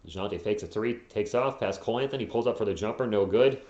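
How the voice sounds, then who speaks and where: A hoarse man hosting a live fan play-by-play stream, calling plays quickly and tossing in joking asides and replies to viewers. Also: fairly low pitch, darkish tone, reverberant, muffled recording. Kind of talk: casual live play-by-play commentary.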